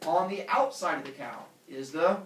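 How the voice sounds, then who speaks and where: A man teaching a class, retelling a myth with lively acted-out character voices. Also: on the high side, moderate pace. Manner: animated, acts out characters with silly voices. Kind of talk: storytelling lesson to students. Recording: echoey room from far off.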